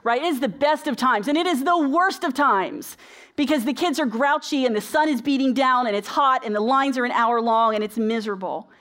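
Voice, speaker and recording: Woman preacher, fairly high voice, chatty sermon delivery with rhetorical questions. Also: fairly quick, a bit bright. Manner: conversational storytelling with rhetorical questions.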